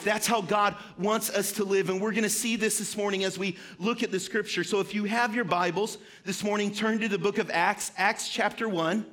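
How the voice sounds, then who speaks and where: A man's voice: high-pitched, steady tone, normal speed, few pauses, a bit bright. A man preaching a sermon to his church in an earnest, conversational way, repeating his key phrases. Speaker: pastor. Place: church sanctuary.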